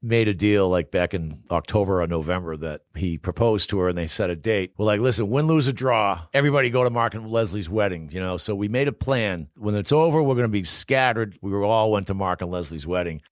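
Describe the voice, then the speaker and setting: Man in his 60s, from Boston, animated storyteller, rapid speech, dry close sound. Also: fairly low pitch, no room sound. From Boston, United States. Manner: animated storyteller who acts out quoted voices. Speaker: guest, former Olympic hockey player. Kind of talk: casual storytelling interview.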